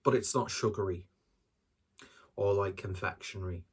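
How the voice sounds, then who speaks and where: A man's voice: fairly low pitch, normal speed, breathy edge. A man doing a casual solo beer review, talking in a rambling, hesitant and self-deprecating way.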